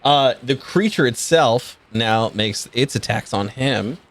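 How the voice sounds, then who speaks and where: A man's voice: medium pitch, slow pace. Guy running a tabletop game, laid back, swears a lot, lots of uhs. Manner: casual, swears, many fillers. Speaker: game master.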